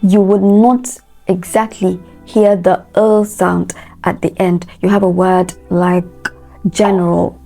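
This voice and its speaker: A woman teaches English pronunciation with a warm, dark tone and a noticeable vocal fry. She spells each word out letter by letter, repeats it slowly, and asks listeners to say it after her. Soft music plays faintly behind her. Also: on the low side, flat delivery. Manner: instructive, spells words out letter by letter and repeats them. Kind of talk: pronunciation lesson.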